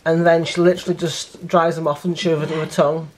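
Woman, lowish voice, encouraging, amazed commentary, noisy home video. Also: level tone, quick pace, darkish tone. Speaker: family vlogger filming. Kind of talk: casual family chat. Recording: home video with clear background noise.

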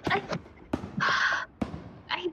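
A woman's voice: drawn-out words, background noise. A woman in game voice chat, shy and flustered, giggling through her replies.

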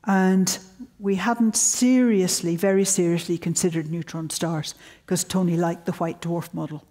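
Speaking at a measured pace in a lowish voice, a guest lecturer in her seventies gives a public talk. Her stories about her early career are wry, and she brings the quoted lines to life.

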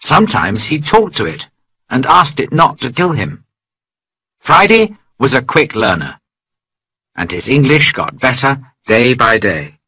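Slow, lively man reading a story. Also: mid-range voice, no room sound, poor audio. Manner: slow, clear, carefully paced reading. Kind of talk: scripted narration for English learners.

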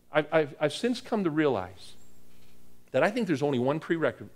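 Male preacher from the US East Coast, expressive storyteller, lively and high-pitched. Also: fairly quick. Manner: animated storyteller, acts out dialogue, repeats words. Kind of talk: sermon storytelling. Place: church hall with live audience.

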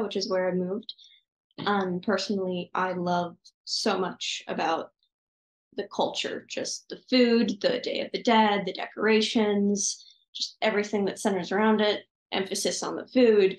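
A seventh-grade teenage girl, appearing as a student guest, answers interview questions over a video call in gushing, enthusiastic bursts. Her voice is mid-range, and the audio is poor with a roomy sound.

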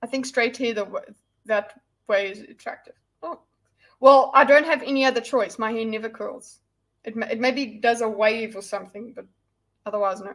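Brief: woman livestreamer with a slightly high voice, rambling, casual and chatty. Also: steady tone, normal speed, a bit bright. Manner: rambling and chatty, with frequent restarts and asides. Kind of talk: casual livestream chat answering viewers.

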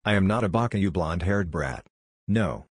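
A man's voice: sits low, expressive, normal speed, slightly rough, no room sound, clean studio sound. A man reading a brash cocky teen ninja. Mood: mocking. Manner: yelling, mocking.

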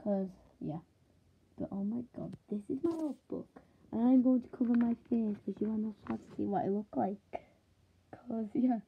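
A woman's voice: a little high, normal speed, creaky, a little hiss or hum. A young woman with an English accent, chatting casually and exclaiming in a giggly, mock-dramatic way. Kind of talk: casual vlog. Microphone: phone. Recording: tinny phone-like lo-fi.

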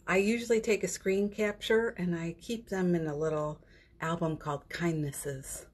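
A woman's voice: fairly low pitch, fairly even intonation, moderate pace, husky. A woman hosting a daily live stream from her phone at home, chatting casually about spiritual matters, laughing often and trailing off mid-sentence.

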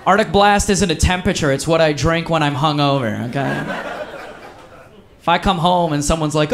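A man from Wisconsin doing stand-up on stage, chatty and profane. His voice sits a touch high for a man, and he tosses off quick asides. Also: noisy background. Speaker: stand-up comedian. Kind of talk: stand-up comedy set. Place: comedy stage.

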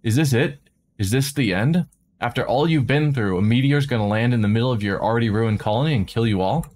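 A man streaming a game, reading a visual novel aloud with dramatic narration and quick asides of his own. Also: mid-range voice, a little mellow. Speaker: let's play streamer.

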